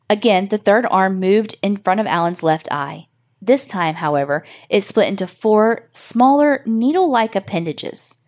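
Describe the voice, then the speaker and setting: A woman hosting a podcast, reading a listener's horror story in steady, measured narration. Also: on the low side.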